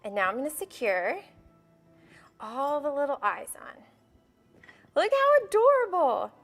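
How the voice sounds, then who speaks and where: A woman's voice: a little high, a bit bright. A young woman hosting a live baking show for kids, bubbly and coaxing as she talks straight to the children at home. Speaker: host of a kids' baking show. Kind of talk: live cooking demonstration for kids.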